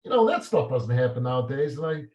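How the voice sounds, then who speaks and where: A man in an interview, telling stories and reminiscing in a halting way, with many fillers and restarts. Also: medium pitch, sing-song, darkish tone. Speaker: talk show host as guest. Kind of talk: reflective interview answers. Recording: roomy and slightly dull sound.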